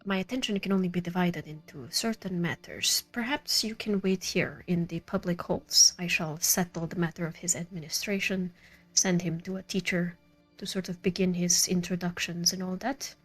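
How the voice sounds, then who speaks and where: A woman doing a calm formal scholar man. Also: on the low side, faint music behind, natural voice. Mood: measured. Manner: formal, measured. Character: calm formal middle-aged male scholar.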